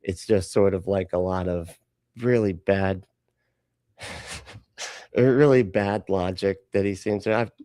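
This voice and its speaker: A man's voice: sits low, slow, long pauses, dark tone, no echo. A man hosting a live reaction stream, joking and sarcastic, laughing often and greeting chatters by name. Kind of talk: casual live-stream chat.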